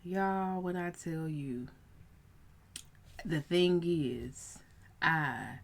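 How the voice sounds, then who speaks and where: A woman in her thirties, a coach, telling a personal story in a casual vlog, animated and prone to rising in excited bursts. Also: sits low, drawn-out words, gravelly. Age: 30s.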